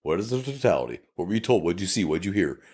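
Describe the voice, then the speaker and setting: Very fast, low and slightly rough, the South Texas police officer tells a story on his co-hosted podcast, animated and heavy on profanity, acting out the dialogue in easy conversation.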